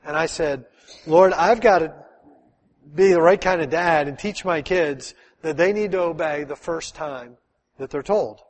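A middle-aged man, a pastor, preaching a sermon in a lively, conversational way full of rhetorical questions. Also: on the high side, measured pace, long reverb tail.

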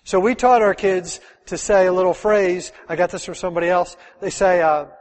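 A middle-aged man, a pastor, preaching a sermon in a lively, conversational way full of rhetorical questions. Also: high-pitched, fairly quick, long reverb tail.

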